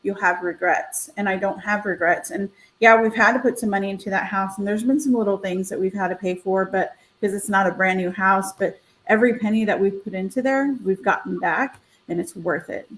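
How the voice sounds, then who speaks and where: A woman's voice: medium pitch, brisk, low-quality recording. A woman realtor on a video call, telling a story casually and acting out the voices she quotes. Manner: animated, acts out quoted voices. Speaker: realtor and co-host. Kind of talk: casual storytelling on a live stream.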